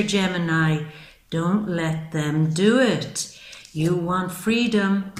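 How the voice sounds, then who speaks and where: Woman reading tarot, low voice in an echoey room. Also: darkish tone. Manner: chatty, affectionate, acts out quoted voices. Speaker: tarot reader. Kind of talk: monthly tarot reading to camera.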